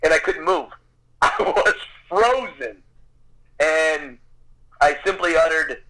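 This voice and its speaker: A man's voice: fairly high pitch, animated, slow, long pauses, sharp tone, rough recording. A man in his fifties, a podcast guest telling a vivid personal story, swearing casually as he goes. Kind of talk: animated anecdote telling.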